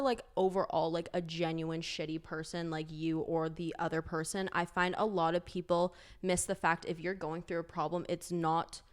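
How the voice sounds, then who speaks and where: Excitable woman podcast host. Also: lowish voice. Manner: excitable, gushing reactions, quick asides. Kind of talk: casual interview chat.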